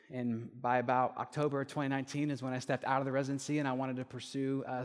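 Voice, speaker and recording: A young man preaching a sermon, telling a personal story and lively when he quotes others. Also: medium pitch. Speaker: pastor. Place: church hall. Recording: echoey hall with long reverb.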